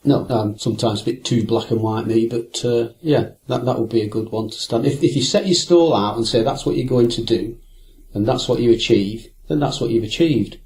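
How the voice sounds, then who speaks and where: A man's voice: medium pitch, fairly quick, a little mellow. An older man, an angler, telling fishing stories in a rambling interview manner full of hesitations. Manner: rambling, with many hesitations and restarts. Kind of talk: reflective anecdotal interview talk.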